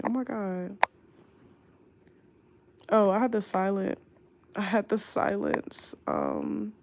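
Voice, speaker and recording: Young woman, worn out and aching, drawling late-night livestream chat into her phone, with a gravelly edge. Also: medium pitch, a little mellow, slight background noise. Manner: slow, tired, drawling talk with lots of fillers. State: sleepy and in back pain. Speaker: flight attendant livestreamer. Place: home at night. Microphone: phone mic, off screen.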